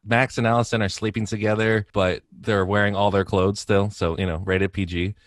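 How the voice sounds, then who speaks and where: A man with a fairly low voice recaps a film plot in a relaxed, chatty way and laughs easily as he talks. The sound is dry and close. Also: moderate pace, no room sound. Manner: playful storyteller who laughs often. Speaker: podcast co-host. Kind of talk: casual chat, retelling a movie plot.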